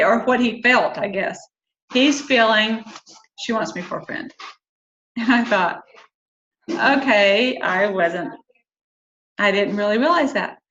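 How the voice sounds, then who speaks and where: A woman's voice: a little high, lo-fi sound. Chatty woman in her fifties, roomy sound. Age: 50s. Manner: chatty, animated when quoting and opinionated. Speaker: group discussion host. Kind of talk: casual online group chat.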